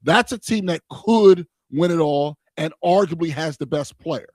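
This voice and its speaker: A man's voice: on the high side, measured pace, no echo. A man co-hosting a casual sports talk show, giving opinionated, rambling analysis.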